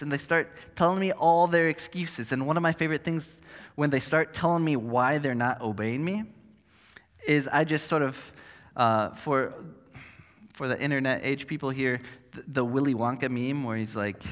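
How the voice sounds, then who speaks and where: A man's voice: on the high side, normal speed, a bit bright, big-room sound. A man preaching a sermon as pastor, conversational and self-deprecating with touches of humor.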